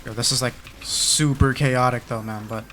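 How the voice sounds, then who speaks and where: A man's voice: medium pitch, steady tone, moderate pace, bright, forceful tone, faint music behind. Slangy young man chatting over gameplay. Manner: slangy storytelling with many fillers; muttering game commentary. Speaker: gaming channel host. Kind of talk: casual chat while playing a game.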